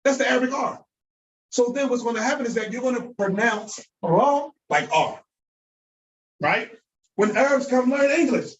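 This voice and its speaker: Male language teacher, high voice, heard from a distance in an echoey hall. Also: normal speed, long pauses, muffled recording, slight background noise. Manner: animated, acts out mispronunciations, repeats words for drilling. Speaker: Arabic teacher. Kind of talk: classroom lecture. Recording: echoey room, voice from far off.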